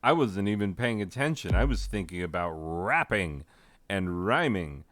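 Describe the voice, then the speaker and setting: Deep-voiced deadpan gamer man. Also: unhurried, no room sound. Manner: deadpan, goofy asides, mock rapping. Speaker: gaming video host. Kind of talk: rambling joking game commentary.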